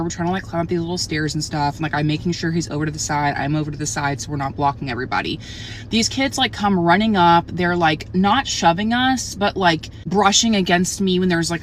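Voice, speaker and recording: A young mother vents to camera in a chatty, exasperated way, filling her speech with "like." Her voice sits a little low, and faint noise hums behind her. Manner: chatty, many "like" fillers, exasperated. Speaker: mother of a toddler. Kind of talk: casual storytime rant to camera.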